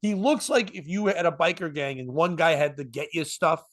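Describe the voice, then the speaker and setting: A comedian telling a story in casual chat, slipping into voices and laughing often. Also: male voice, fairly high pitch, moderate pace. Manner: animated, jumps into voices and laughs.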